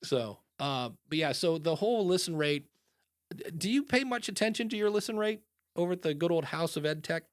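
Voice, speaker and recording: A man hosting a podcast in casual chat, animated and acting out quoted voices. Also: a little high, brisk, dry recording, studio quality. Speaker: podcast host.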